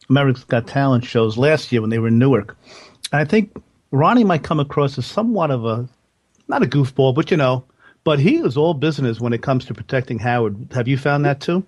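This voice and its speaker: A man hosts a relaxed interview, asking his guest questions in a friendly, encouraging way. His voice sits at an everyday middle pitch. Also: a little fast. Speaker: podcast host. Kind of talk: casual interview.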